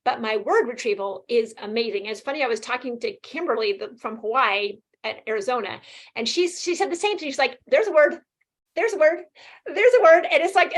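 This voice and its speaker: A woman in her fifties, a guest talking casually and quickly in an interview, animated and laughing often. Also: on the high side. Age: 50s. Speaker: guest sharing her experience.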